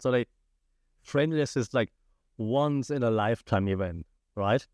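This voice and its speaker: A man's voice: mid-range voice, a little slow, long pauses, a little mellow, clean tone, no room sound. Male podcast host, sick, cough drop in, casual joking solo commentary, dry close sound. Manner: chatty, playful, self-deprecating asides.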